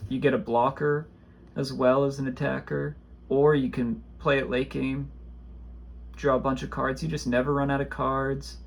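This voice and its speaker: A man casually opening trading card packs, reading card names aloud and chatting about them in a rambling, low-key way. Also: gravelly. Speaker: card pack opener. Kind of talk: casual pack-opening commentary.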